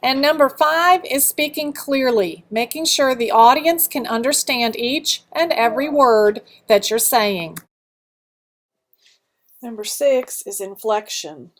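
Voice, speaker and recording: A woman teacher giving students an instructional talk on contest rules, laying out each judging criterion clearly and step by step. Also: fairly high pitch, measured pace. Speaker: school teacher explaining a speech contest. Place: school media center.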